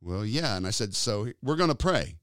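Lively, animated male preacher. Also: on the low side, moderate pace, smooth, dry recording, clean studio sound. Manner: animated storytelling, acting out quoted voices. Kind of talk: sermon.

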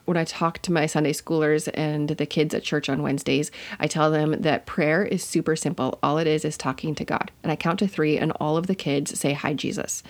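Woman podcast host, lowish gravelly voice, chatty teaching monologue with self-corrections. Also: fairly even intonation, a little fast, few pauses.

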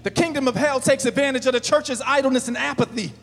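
A male pastor preaching a sermon, building to shouts and slowing down for emphasis. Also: very high-pitched, gravelly, big-room sound, soft background music.

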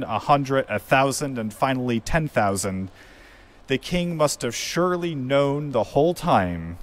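A man preaching a sermon as pastor, retelling a parable in a measured, reflective way. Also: medium pitch. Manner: measured, reflective storytelling delivery.

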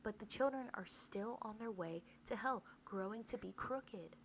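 A woman's voice: medium pitch, unhurried, a little hiss or hum, rough recording. A woman teaching a podcast Bible study in an earnest way, often asking rhetorical questions and checking in with "right?".

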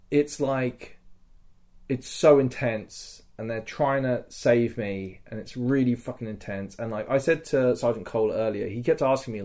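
A man's voice: medium pitch, a little mellow. A man on a podcast, telling a story in casual chat, swearing freely and acting out the scenes with sound effects. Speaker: podcast host.

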